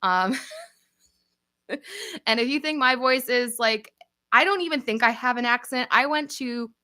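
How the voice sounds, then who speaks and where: Chatty young host, New York accent, bright, slightly high voice, upbeat livestream Q&A energy. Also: female voice, a little slow, dry recording, studio quality. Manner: chatty, upbeat, laughs often. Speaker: channel host. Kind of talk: casual livestream Q&A.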